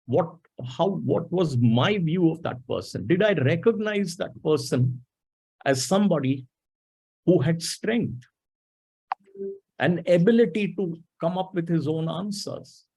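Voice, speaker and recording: A man's voice: on the high side, lively intonation, measured pace, vocal fry, a little mellow, husky, rough recording. A middle-aged man speaking in a webinar talk, telling a coaching story in a reflective way and acting out the lines of the people in it. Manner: reflective, acts out quoted dialogue.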